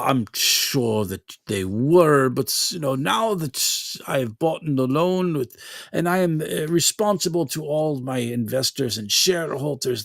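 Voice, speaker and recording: A man's voice: medium pitch, vocal fry, no room sound, studio quality. A man voicing a smug goblin businessman who calls in a loan with oily false kindness.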